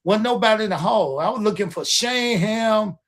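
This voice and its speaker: An older man with a fairly high voice hosts a podcast and tells a story in loose, casual chat. He acts out each quote with energy and swears freely along the way. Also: moderate pace, a bit bright. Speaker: podcast host.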